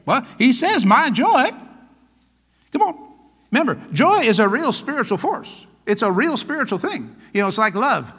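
A man pastor preaching a sermon, animated and playful, acting out little scenes and laughing along. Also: extremely high pitch, moderate pace, breathy edge, big-room sound.

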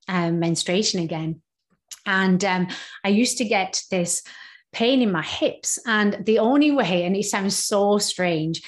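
Candid woman telling a personal story. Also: medium pitch. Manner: candid, animated storytelling with hesitant restarts. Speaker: podcast guest. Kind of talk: casual storytelling.

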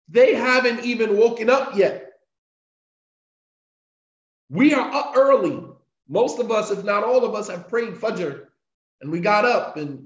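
A man's voice: a little high, reverberant, dull audio. A man giving a morning remembrance sermon, speaking earnestly and putting rhetorical questions to his listeners. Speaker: preacher.

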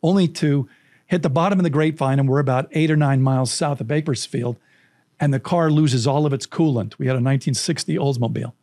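A man's voice: mid-range voice, quick pace, no echo, clean studio sound. A man from California who works as a storytelling coach, telling a vivid anecdote as an interview guest. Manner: animated, vivid anecdotal storytelling with acted quotes.

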